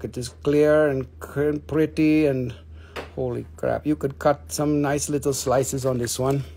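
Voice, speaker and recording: A man's voice: mid-range voice, a little mellow. A man hosting a live mineral sale, chatting casually with viewers, joking and teasing as he shows each piece. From Appalachian region of the United States. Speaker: host selling minerals on a livestream. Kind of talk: casual live sales chat.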